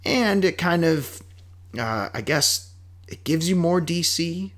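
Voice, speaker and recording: A man's voice: on the high side, animated, takes it slowly, a bit bright. A man co-hosting a movie podcast, talking in a rambling, self-correcting way and laughing often. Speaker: podcast co-host. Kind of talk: casual movie chat.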